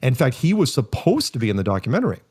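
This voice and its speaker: A man sits in as a podcast guest and spins long, meandering stories. He stops often to correct himself, and his jokes land deadpan and wry. His middle-pitched voice is recorded close and dry. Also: fast talker, husky, no echo. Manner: rambling, self-correcting, with frequent fillers. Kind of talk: casual storytelling.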